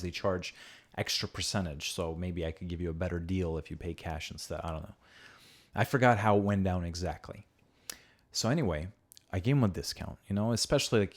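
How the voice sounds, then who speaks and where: A young man hosting a podcast, casually telling rambling stories with plenty of swearing, and acting out the people he quotes. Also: sits low. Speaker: podcast host.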